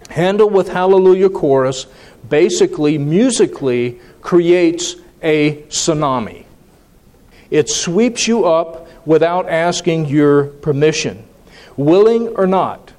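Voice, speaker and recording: A man's voice: fairly high pitch, darkish tone. A man preaching a sermon, dropping to a near whisper for emphasis and then rising to emphatic declarations. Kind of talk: sermon on sacred music.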